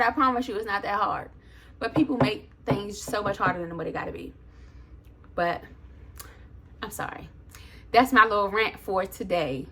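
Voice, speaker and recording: A woman's voice: medium pitch, moderate pace, pauses often, slightly rough. A woman vlogger telling a story as a casual rant, in a sassy, sarcastic, chatty way. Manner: animated, loose and chatty.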